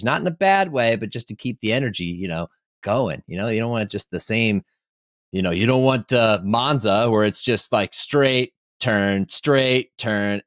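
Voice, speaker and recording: A man's voice: on the low side, a bit bright, no room sound, clean studio sound. A man co-hosting a podcast, talking in playful, teasing banter. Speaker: podcast co-host.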